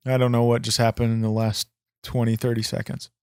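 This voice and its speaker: A man's voice: mid-range voice, completely flat delivery, brisk, darkish tone, clear, resonant tone, no room sound, studio quality. A man hosting a comedy wrestling podcast, talking brashly and swearing freely. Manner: brash, swears freely, hard-selling promo tone. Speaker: podcast host.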